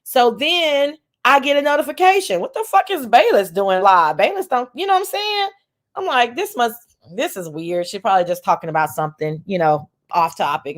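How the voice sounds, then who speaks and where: A woman hosting a livestream, giving profane, animated commentary, reading viewer messages. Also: fairly high pitch, moderate pace. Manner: animated, profane, reads chat aloud. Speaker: livestream host. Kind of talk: casual commentary chat.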